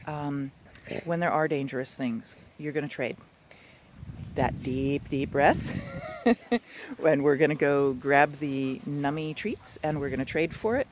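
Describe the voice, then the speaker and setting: A man working as a dog trainer, giving an instructional talk in a chatty, animated way with playful asides. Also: a little high, unhurried, long pauses, a little hiss or hum.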